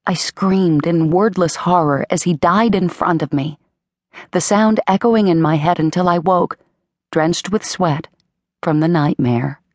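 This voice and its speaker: A woman narrating an audiobook in a measured, dramatic first-person storytelling manner, on a close studio mic. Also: on the low side, no room sound. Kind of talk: scripted narration.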